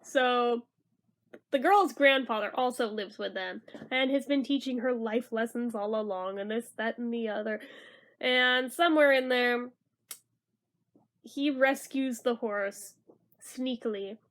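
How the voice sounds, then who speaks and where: A woman's voice: on the high side, measured pace, a bit bright. A young woman giving a casual, sarcastic movie review, chatty and prone to swearing and mock-dramatic outbursts.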